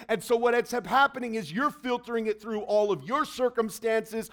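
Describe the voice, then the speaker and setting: A man's voice: very high-pitched, normal speed, few pauses. A man preaching a sermon in a conversational way, acting out little quotes. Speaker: pastor.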